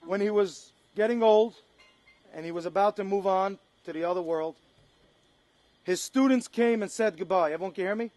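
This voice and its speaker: A man giving an impassioned fundraising speech to an audience, building up to shouted appeals. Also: high voice, normal speed. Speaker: speaker at a charity fundraiser. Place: event room with an audience. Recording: echoey hall.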